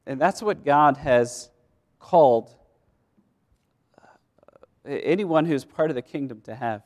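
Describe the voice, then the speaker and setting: A man's voice: mid-range voice, expressive, slow, darkish tone. A male pastor preaching a sermon in a conversational way, repeating words and laughing as he goes.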